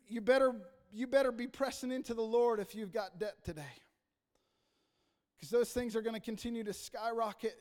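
A man preaching a passionate sermon as pastor, rising to loud emphasis and dropping to quiet asides. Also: sits high. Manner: impassioned preaching, rising and falling in volume. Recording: reverberant hall.

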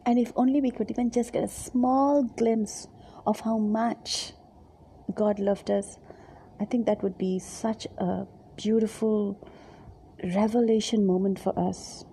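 A faint noise underlies this devotional Bible reflection, led by a female Bible teacher with a deep, mellow, dark-toned voice and fairly even intonation. She speaks gently and haltingly, repeats words often, and at times sinks into a soft whisper.

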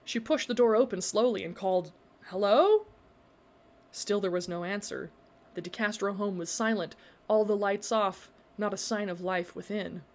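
A woman narrating a story in a measured, expressive reading. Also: mid-range voice.

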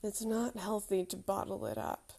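A woman's voice: medium pitch, sing-song, moderate pace, vocal fry, dark tone, husky. A woman in her thirties telling a candid, reflective personal story with self-deprecating humour.

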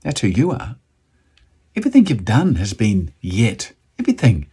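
A man's voice: lowish voice, huge pitch swings, moderate pace, dark tone, slightly rough. A man from New Zealand with a New Zealand accent, hosting a motivational video and talking enthusiastically to camera, at times bantering with himself.

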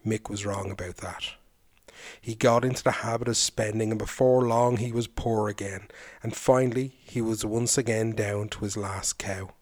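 A man's voice: on the low side, steady tone, normal speed, darkish tone. A man hosting a podcast, narrating a folk tale and then chatting reflectively about it. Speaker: folklore podcast host. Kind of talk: storytelling narration.

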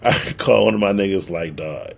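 Young male podcast co-host, low husky voice, casual profane storyteller who acts out the dialogue. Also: brisk.

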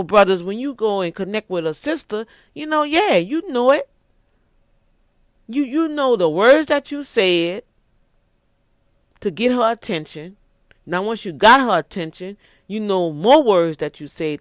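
A man's voice: a little high, a bit bright, no echo, clean studio sound. A man giving casual, preachy relationship advice to other men, emphatic and repetitive, often restarting his sentences. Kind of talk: casual motivational talk.

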